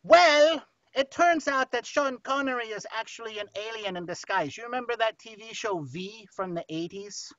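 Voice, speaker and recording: A man with a high, fairly bright voice and moderate pace plays a playful, mischievous young male sidekick co-hosting a podcast. He teases the guest and spins silly stories, and the audio is dry and slightly muffled with no room sound.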